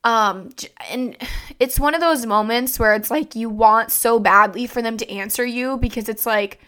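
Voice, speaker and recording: A young woman hosting her own show, telling in a halting, emotional way, with many fillers, how her father died. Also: on the high side, fairly bright tone, clean tone. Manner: tearful, halting retelling of a family loss, many fillers. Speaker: podcast host. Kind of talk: emotional personal storytelling.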